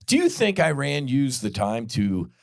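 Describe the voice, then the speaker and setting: A man's voice: medium pitch, wildly swooping pitch, unhurried, gravelly, no room sound, studio quality. A man hosting a podcast, delivering blunt, heated political commentary full of profanity. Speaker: podcast host.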